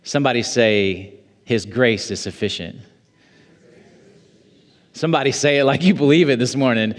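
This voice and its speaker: A man preaching a sermon as pastor, quoting scripture in a measured way and building to emphatic high points. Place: church sanctuary. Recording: long church reverb.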